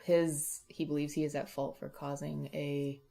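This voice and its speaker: A woman playing a tabletop game, explaining her character in a halting way with restarts. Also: low-pitched, flat delivery, vocal fry, warm tone, echoey room. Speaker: player. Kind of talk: casual chat at the gaming table.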